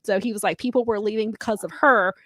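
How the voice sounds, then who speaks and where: A woman's voice: mid-range voice, quick pace, a bit bright, no echo. A woman co-hosting a wrestling podcast in casual chat, rambling through long retellings with lots of fillers. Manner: rambling, filler-heavy retelling of others' remarks. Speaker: podcast co-host.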